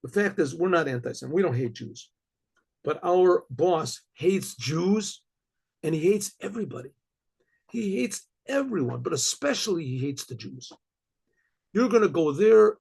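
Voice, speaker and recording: A man's voice: fairly high pitch, expressive, a little slow, vocal fry, a little mellow, husky, exaggerated voice. A man voicing a pair of complaining estate managers. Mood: warning. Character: two grumbling estate managers, men.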